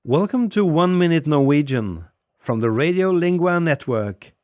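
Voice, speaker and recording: Male teacher, slightly high voice, slow scripted lesson delivery, dry close sound. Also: animated, a little mellow, no room sound, soft background music. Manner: slow, patient, repeats phrases for learners. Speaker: language teacher. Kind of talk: scripted audio language lesson.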